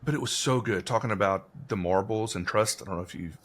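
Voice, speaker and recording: Man, casual podcast talker, husky voice, meandering storyteller. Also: lowish voice, quick pace, fairly bright tone. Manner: rambling storyteller, many fillers. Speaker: podcast conversation partner. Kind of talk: casual conversation.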